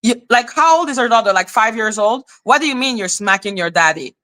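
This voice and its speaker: A woman's voice: on the high side, expressive, a little fast, bright, forceful tone. A woman hosting a casual livestream commentary, a former teacher talking bluntly and swearing freely as she rants. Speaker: live commentary channel host.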